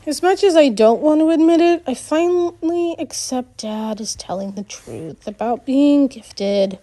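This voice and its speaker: Female audiobook narrator, high-pitched and slow, measured first-person storytelling. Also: animated, dark tone. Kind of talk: audiobook reading.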